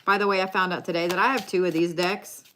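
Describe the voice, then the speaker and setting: A woman's voice: on the low side, fairly even intonation, fast, fairly bright tone, slight background noise. A woman giving live card readings, talking casually and addressing viewers by name. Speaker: tarot card reader.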